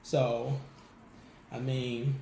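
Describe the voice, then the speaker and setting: A man telling stories as a guest in a casual interview, animated, laughing often and acting out what people said. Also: mid-range voice, very slow, creaky. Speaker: musician guest. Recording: echoey room with faint background noise.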